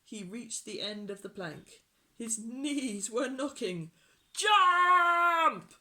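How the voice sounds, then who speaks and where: A storytime reader narrating a children's picture book gently and unhurriedly for young listeners. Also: mid-range voice, slow.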